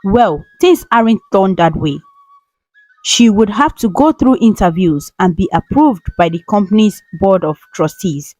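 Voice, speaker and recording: A woman's voice: medium pitch, lively intonation, unhurried, mellow, no room sound. A woman voicing a flustered, impatient young man who runs a company, in a storybook reading. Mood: offhand. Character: young male boss, easily stressed.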